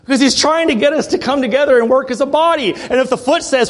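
A man preaching a sermon in a church, passionate, with joking asides and frequent throat clearing. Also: very high-pitched, quick pace.

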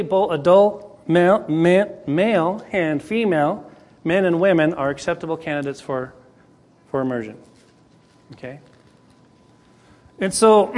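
A man teaching a Bible class in a conversational way, clearing his throat often as he starts to lose his voice. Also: high voice, a little mellow. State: losing his voice.

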